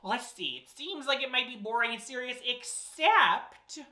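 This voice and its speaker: A woman's voice: on the high side, lively intonation, a little slow, pushed and bright. A woman hosting a children's storytime, reading a book aloud in a playful, theatrical, mock-exasperated way. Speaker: drag storytime host. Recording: roomy echo.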